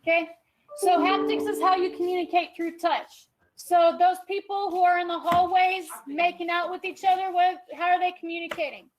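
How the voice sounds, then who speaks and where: A woman teaching a class, her voice sitting very high. She lays out each point step by step and keeps asking "okay?" to check the room is with her. When students chatter she turns firm and calls them to order. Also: flat delivery, moderate pace, rough recording. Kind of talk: classroom lecture.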